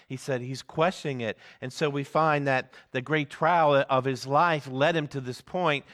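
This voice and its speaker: A man's voice: mid-range voice, normal speed, hardly any pauses, fairly bright tone. A man preaching a sermon and leading a group Bible reading, earnest and given to repeating words for emphasis. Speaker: pastor.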